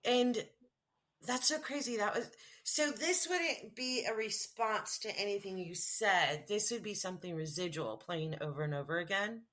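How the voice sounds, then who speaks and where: A woman hosting a casual podcast interview. Her voice is bright and forward and sits at an average pitch. She asks curious questions and jumps in eagerly with short reactions. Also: animated, normal speed. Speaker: podcast host.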